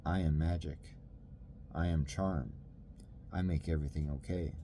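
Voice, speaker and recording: A low, spellbinding voice from the dark, soothing on the surface but haunting underneath, as a man reads it aloud in a storybook. It sits very low and sounds dark and mellow, with a faint hiss behind it. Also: steady tone, a little slow. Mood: coaxing.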